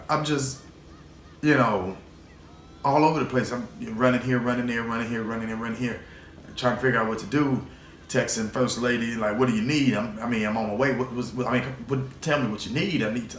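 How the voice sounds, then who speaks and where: A man's voice: medium pitch, a bit bright. Emotional rambling man in echoey room. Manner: emotional, rambling, repeats words, swears. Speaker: show host. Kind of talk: personal storytelling vlog. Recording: roomy echo, faint background noise.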